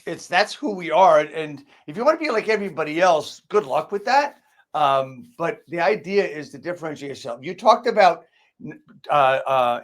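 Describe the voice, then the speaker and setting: A man's voice: a little high, a bit bright. A man hosting a casual podcast, asking blunt conversational questions. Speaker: podcast host.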